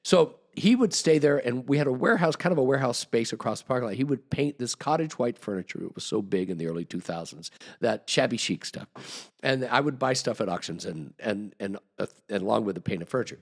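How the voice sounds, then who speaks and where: A man's voice: mid-range voice, animated, a little fast. A man guest on a podcast, telling a long, rambling story with restarts and acted-out quotes. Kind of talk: casual storytelling.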